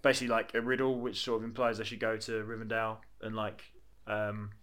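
A man's voice: lowish voice, little pitch movement, a little fast, a bit bright. A young man rambling through a casual, jokey film chat with lots of fillers.

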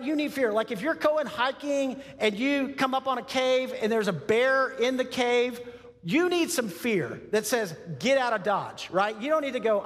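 A man from Texas preaching a sermon in an animated, conversational style, with frequent asides to the congregation. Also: very high-pitched, big-room sound. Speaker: pastor.

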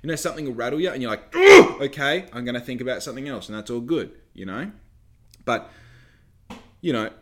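A young man with an Australian accent tells a rambling story in a casual monologue. He swears freely, drifts into tangents and keeps asking rhetorical questions, his voice sitting at an ordinary middle pitch. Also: lively intonation, fast talker, long pauses, a bit bright.

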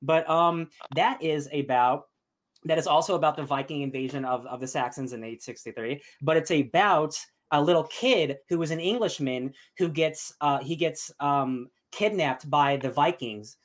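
A young man chatting casually as a podcast host, gushing and excitable with lots of fillers. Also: fairly high pitch, moderate pace. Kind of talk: casual chat.

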